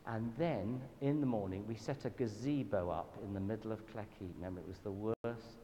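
A man with a Southern English accent giving a church talk, telling anecdotes in a lively, self-deprecating way. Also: on the low side, moderate pace, dull audio. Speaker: guest speaker at a church event. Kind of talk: storytelling sermon talk. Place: church hall. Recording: reverberant hall with faint background noise.

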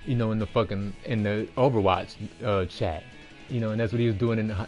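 A man's voice: fairly low pitch, steady tone, a little fast, a little mellow, soft background music. A man in his forties streaming a golf game, rambling and swearing heavily with frustrated outbursts. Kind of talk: casual chat while playing.

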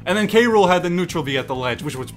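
A young man reacting to memes in casual commentary, excitable and mock-exasperated, swearing and laughing often. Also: high-pitched, fast talker. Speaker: YouTube meme reactor. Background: faint background music.

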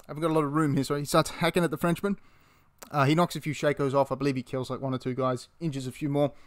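Aussie guy hyping up an old battle story, bit high-pitched, drops swears, acts out the lines. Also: very fast. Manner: animated, swears, acts out quotes in character. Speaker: history video host. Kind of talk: casual storytelling history talk.

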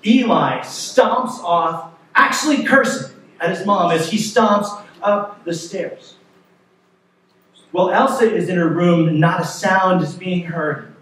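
A man preaching a sermon as pastor, telling a story in a conversational, lively way. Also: sits high, slow pace. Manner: storytelling, animated in places, conversational. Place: church sanctuary. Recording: echoey sanctuary, mic far off.

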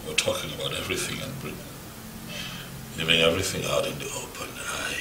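A desperate Nigerian husband with a very deep voice, pleading softly. The sound is roomy and distant, with clear noise behind. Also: male voice, little pitch movement, fairly quick. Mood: confessing. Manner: soft pleading.

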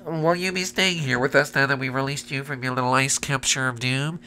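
A man's voice: medium pitch, steady tone, a little fast, bright, forceful tone. A man playing in a Minecraft role-play comedy, with goofy, playful banter.

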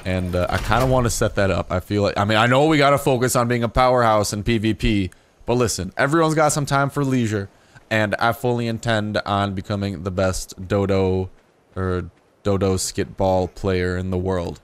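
Excitable young man with a low voice. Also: normal speed, clear, resonant tone, no room sound. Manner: excitable and jokey, rambling asides, sudden high-pitched squeals of excitement. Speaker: gaming YouTuber. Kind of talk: casual gameplay commentary.

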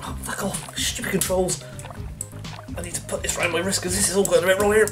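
A man playing a motion-control cooking game, out of breath, swearing and shouting at the controls as he commentates. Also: high voice, steady tone, fairly quick. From United Kingdom. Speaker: gaming YouTuber. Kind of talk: let's play commentary. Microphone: facecam with desk mic. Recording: game music playing behind the voice. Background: game music.

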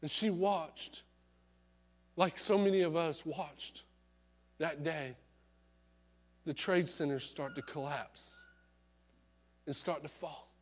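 A man preaching at a church revival service, telling a story dramatically, swelling loud and then dropping to a hush. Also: on the high side, slow pace, pauses often. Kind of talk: sermon storytelling.

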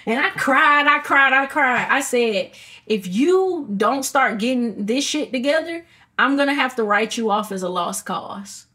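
Southern woman guest, higher-pitched, blunt and emphatic, salty language. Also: animated, unhurried, bright, forceful tone. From Alabama, US. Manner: outspoken, emphatic, swears freely. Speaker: podcast guest. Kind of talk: casual conversation.

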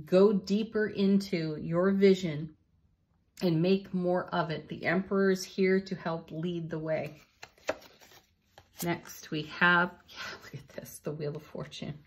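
A woman giving a spiritual tarot and oracle card reading, gentle and encouraging, laughing softly between cards. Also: mid-range voice.

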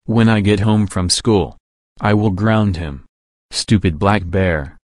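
A man voicing a hot-tempered male cartoon horse who hurls insults and threats in short, flat sentences. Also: on the low side, slow, no echo. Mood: furious.

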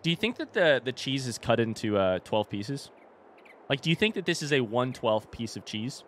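A young male streamer casually chats with his live viewers as he plays a farming game, cursing every so often. His voice sits at medium pitch with wide swings in intonation, a moderate pace and a fairly bright tone, over a faint hiss or hum.

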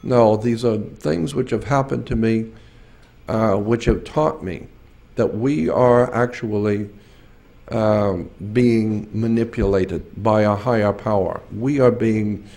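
A man's voice: on the low side, takes it slowly, gravelly, mellow. A man of sixty-seven giving an earnest, emphatic talk at a symposium, telling personal stories with repeated phrases. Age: 60s. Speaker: symposium speaker.

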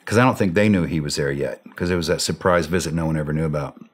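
A deep-voiced man spins a casual war story as a podcast guest. He is animated and laughs easily, slipping into the voices of the people in his story. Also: fast talker. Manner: animated, laughing, acts out quoted dialogue. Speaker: former special forces operator, podcast guest.

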